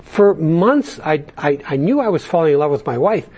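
A man with a slightly high, husky voice tells his own story of craving and recovery. He speaks earnestly and confessionally, stumbling over words and restarting his sentences as he goes. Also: sing-song, darkish tone, highs cut off. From Canada. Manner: halting, with frequent restarts and stammered repeats. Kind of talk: personal testimony talk.

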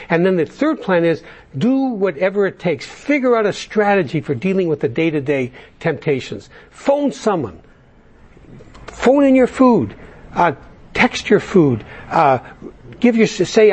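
A man's voice: high voice, sing-song, moderate pace, darkish tone, slightly rough. A man speaking to a large audience at a recovery workshop, talking bluntly and conversationally with frequent restarts. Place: large meeting room.

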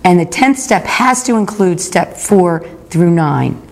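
A woman in her fifties with a gravelly, slightly low voice shares her story at a recovery meeting. She talks in a candid, confessional way, reflecting aloud on her own part in things. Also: animated, slow, a little mellow. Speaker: speaker sharing at a recovery meeting. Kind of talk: personal recovery talk. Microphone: recorded talk.

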